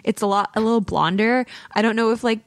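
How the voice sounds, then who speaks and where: A woman's voice: on the high side, fast, dry recording. A woman co-hosting a podcast, telling a story in casual chat full of fillers. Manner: chatty storytelling, many fillers. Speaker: podcast co-host.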